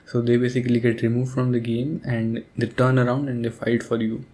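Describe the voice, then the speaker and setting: A young man rambling sleepily about a game as a sleep aid, soft-spoken and hesitant, with many pauses and fillers. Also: medium pitch, flat delivery. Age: young adult. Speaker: audio creator.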